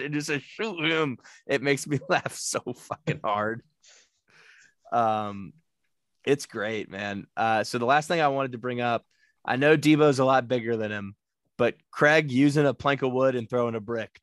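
A man's voice: mid-range voice, dry recording, clean studio sound. A man hosting a casual movie discussion podcast, laughing often, swearing, and acting out lines from the film. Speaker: podcast host.

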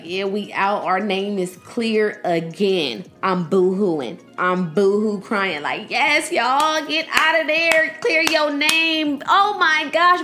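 A woman's voice: on the high side, a bit bright. A young woman giving a casual, emphatic reaction to a series, blunt and profane, laughing often and jumping between points.

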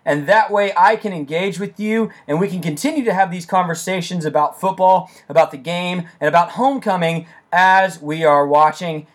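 A young man hosting a casual sports podcast, enthusiastic and excitable, speaking close into his microphone and breaking into shouts. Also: high-pitched, normal speed, few pauses. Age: young adult. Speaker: podcast host.

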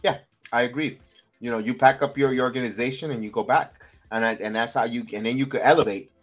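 A man hosting a wrestling recap podcast in casual chat, animated and repeating himself for emphasis. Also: medium pitch, quick pace, soft background music. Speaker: podcast host.

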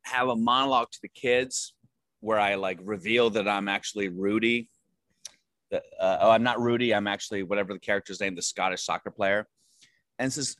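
A man with a lowish voice tells loose, self-mocking stories about his acting work, full of fillers and restarts. The sound is close and dry, with no room around it. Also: a bit bright, no echo. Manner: rambling, self-deprecating storytelling with many fillers. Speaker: actor guest. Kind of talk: casual interview chat.

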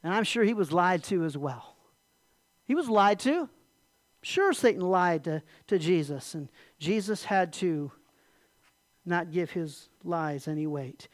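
A pastor preaching a sermon in a conversational way, asking the congregation rhetorical questions and dropping the voice low and soft on key points. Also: expressive, a little slow, dry recording.

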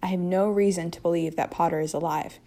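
A curt, irritated young wizard, as a woman reads his lines aloud, speaking in clipped, harsh phrases. His voice sits on the low side, with a cold edge to every line. It is an amateur fanfiction reading. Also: steady tone, fast, warm tone, close to an everyday voice.

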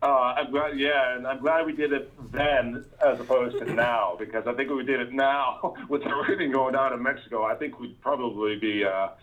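A man's voice: mid-range voice, fairly even intonation, phone-quality sound. A man talking as a remote podcast guest, telling a story casually with lots of restarts and fillers over a call. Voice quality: halting, many restarts and fillers.

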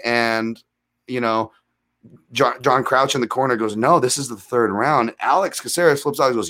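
Man, 30s, rambling and self-deprecating, mid-pitched voice, animated storyteller. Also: moderate pace. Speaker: guest, MMA analyst. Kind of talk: casual storytelling in a podcast interview.

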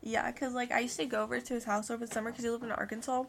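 A woman's voice: fairly high pitch, flat delivery, very fast, gravelly. A woman guest on a casual podcast, talking frankly and offhandedly, filling her sentences with "like.". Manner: frank and offhand, heavy use of like. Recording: noisy, hissy podcast recording.

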